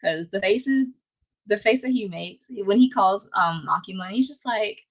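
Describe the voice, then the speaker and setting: A woman's voice: medium pitch, expressive, a little slow, rough recording. A woman hosting a casual anime recap, laughing often and playfully scolding the characters. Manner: exasperated, scolding asides.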